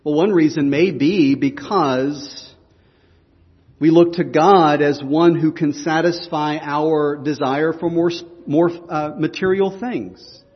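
Slow, high-voiced male preacher. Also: big-room sound, lo-fi sound. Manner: earnest, emphatic preaching with repeated restarts. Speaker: pastor. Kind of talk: sermon.

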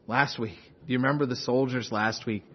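A male pastor delivers an impassioned sermon, rising to urgent loud passages and dropping to hushed intensity. His voice is a little husky, and it rings with long reverb in a large room. The recording sounds dull and muffled. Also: mid-range voice, fairly even intonation, fairly quick.

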